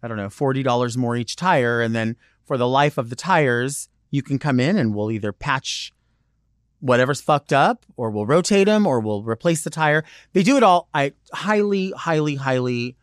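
A man's voice: medium pitch, lively intonation, moderate pace, clean tone, dry recording, clean studio sound. Rambling chatty male podcast host. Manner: rambling, digressive, chatty with many "like"s. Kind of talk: casual solo monologue.

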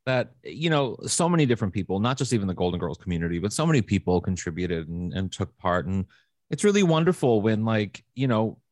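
A man co-hosting a casual podcast, playful and camp, swooping high on emphasis. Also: lively intonation, fairly quick, a little mellow, dry recording, studio quality. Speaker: podcast co-host.

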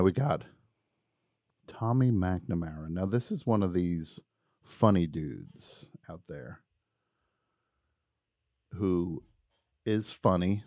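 A man hosting a live call-in radio show, wry and mock-boastful, dropping to quiet mumbles and rising to shouts. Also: low-pitched, dry recording, clean studio sound.

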